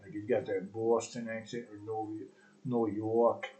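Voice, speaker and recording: A man's voice: fairly low pitch, flat delivery, unhurried, dark tone, highs cut off. A man hosting his own live stream podcast alone, talking in a crude, profane, rambling and sarcastic way. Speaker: podcast host. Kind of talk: solo live stream chat.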